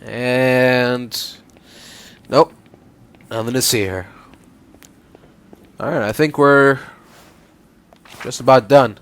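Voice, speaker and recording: A relaxed man talks through a game at a slow, unhurried pace. His voice sits mid-range and wanders between thoughts in casual commentary. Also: mid-range voice, clean tone. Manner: relaxed, rambling with fillers and restarts. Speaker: let's play host.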